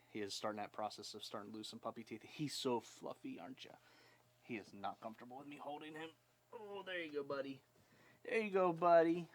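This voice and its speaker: A man's voice: on the low side, slight background noise. A man hosting a casual live stream, chatting in a rambling way with lots of fillers.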